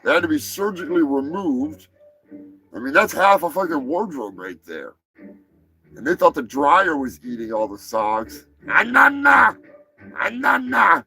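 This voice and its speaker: Male comedy host, bright edgy tone, swears freely, yells punchlines over faint music. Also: fairly high pitch, expressive, moderate pace, low-quality recording. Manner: profane, rowdy, breaks into shouting bits. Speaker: show host. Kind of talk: comedic news rundown, live show.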